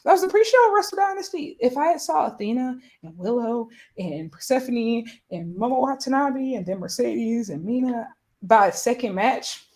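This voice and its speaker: Excitable woman host. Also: on the high side, moderate pace. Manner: emphatic and excitable. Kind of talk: casual chat.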